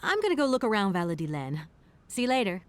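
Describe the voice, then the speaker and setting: A woman's voice: mid-range voice, big pitch swings, natural voice. Kate Walker, a woman voicing a composed lawyer. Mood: polite. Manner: polite, measured, professional. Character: composed young female lawyer on assignment. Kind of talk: game voice acting.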